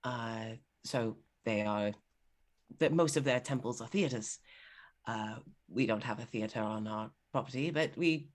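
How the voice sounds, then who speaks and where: A woman's voice: extremely low pitch, measured pace, pitched below the performer's own voice. A woman voicing a polite, easily flustered father in a tabletop game, with ornate, apologetic manners. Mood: warm, explaining. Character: gracious, flustered middle-aged father.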